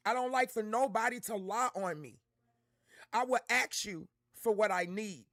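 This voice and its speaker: A woman's voice: medium pitch, moderate pace, a bit bright, no room sound, clean studio sound. A woman hosting a casual livestream, talking candidly and from the heart to her chat in slangy everyday speech. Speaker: livestream host reacting to content.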